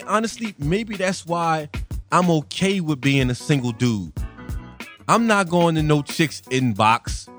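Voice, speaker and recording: A man's voice: on the high side, a bit bright. A man in a casual monologue rant, blunt, profane and exasperated.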